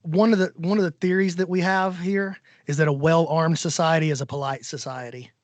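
A man with a Southern American accent from Alabama telling lively stories in casual conversation, laughing often. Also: fairly high pitch, fairly quick, no room sound. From Alabama, USA. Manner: animated storyteller, laughs often.

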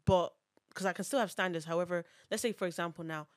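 A young woman with a lowish voice co-hosts a podcast, talking fast and circling her points with fillers. The recording is dry and close, with no room sound. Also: fairly even intonation, no echo. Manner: rambling, hedging with fillers. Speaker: podcast co-host. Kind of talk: casual chat.

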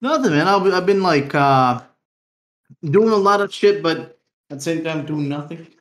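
A man's voice: on the high side, expressive, normal speed, fairly bright tone, roomy sound. A young man co-hosting a casual, unplanned podcast, rambling in slang, swearing freely and laughing often. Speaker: podcast co-host.

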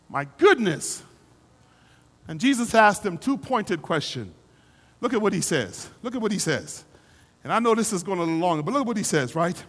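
A male pastor preaching a sermon in a church, his delivery rising into fervent shouting. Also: high-pitched, big pitch swings, moderate pace, long reverb tail.

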